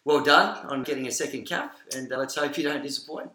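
Young Aussie male podcast host, quick bright mock-serious patter, roomy echo. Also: mid-range voice. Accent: Australian. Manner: joking, mock-serious sports-presenter patter. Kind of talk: casual banter podcast.

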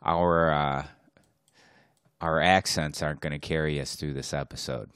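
A man's voice: very deep voice, steady tone, a little slow, a bit bright, clean tone, no room sound, studio quality. A man co-hosting a podcast in a laid-back casual way. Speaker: podcast co-host. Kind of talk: casual chat.

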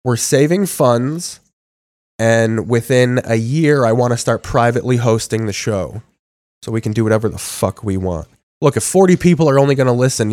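A man's voice: mid-range voice, darkish tone. A male podcast host talks through a bout of covid, his voice congested. He rambles and swears in loose, joking chat. The sound is dry and close, with no room echo. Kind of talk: casual profane chat.

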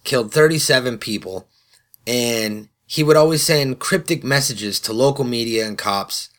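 A man's voice: mid-range voice, lively intonation, normal speed, fairly bright tone. A man hosting a podcast, talking loosely with swearing and self-mocking asides into a podcast microphone. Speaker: podcast host. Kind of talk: casual solo podcast intro. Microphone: studio podcast microphone.

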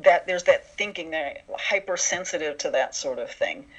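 A man's voice: fairly high pitch, lively intonation, normal speed, a bit bright, slightly rough. Chatty storyteller man on a dull line. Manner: chatty storyteller, acts out quoted voices. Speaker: writer of an animated series, interview guest. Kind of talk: relaxed interview talk. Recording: dull lo-fi sound.

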